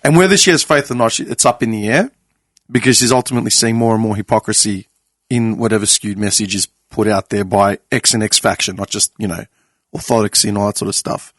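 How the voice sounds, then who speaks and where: A young man of Greek family hosting a casual podcast chat, animated and swearing freely as he retells conversations. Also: on the low side, fast talker, no room sound. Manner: animated storyteller, swears freely, quotes others. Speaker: podcast host.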